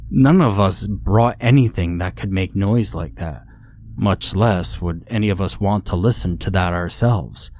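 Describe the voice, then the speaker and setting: A man narrating a horror story in a steady, ominous storytelling manner. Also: sits low, a little slow, a little hiss or hum. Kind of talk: scripted narration.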